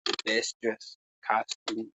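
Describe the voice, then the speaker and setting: A man hosting a casual podcast, telling a story with lots of swearing and sudden loud exclamations. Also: lowish voice, monotone, takes it slowly, dull audio, heavy background noise. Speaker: podcast host.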